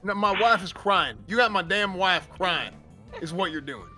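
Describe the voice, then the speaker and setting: A man's voice: high voice, animated, moderate pace, pushed and bright, faint music behind, heavily acted. A man putting on a cussing farmer. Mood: angry. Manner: cussing, blustering, protective of his wife. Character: gruff hot-tempered rural farmer husband, middle-aged. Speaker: prank caller. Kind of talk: improvised prank role-play.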